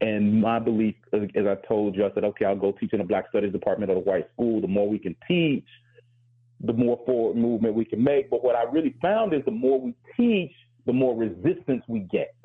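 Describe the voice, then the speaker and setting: A man's voice: on the low side, lively intonation, a little fast, husky. A man co-hosting a talk show, speaking earnestly and reflectively, often repeating words as he starts a thought. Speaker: professor and show co-host. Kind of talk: casual talk-show discussion. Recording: phone-like narrow band.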